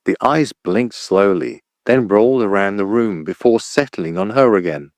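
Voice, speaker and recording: A man narrating a children's storybook audiobook in an even, clear storytelling voice. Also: on the low side, moderate pace, hardly any pauses, no echo.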